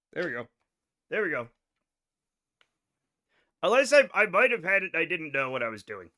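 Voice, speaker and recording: A man's voice: fairly high pitch, big pitch swings, measured pace, long pauses, pushed and bright. A man hosting a casual game livestream from home, rambling and scattered, joking at his own expense. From United States. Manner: rambling, scattered, self-mocking. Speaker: game streamer.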